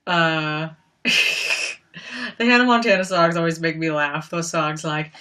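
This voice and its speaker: Young woman, home livestream chat, lowish pitch, bright and punchy, rambling and laughing. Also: fairly even intonation, a little slow. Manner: chatty and rambling, many fillers and frequent laughs.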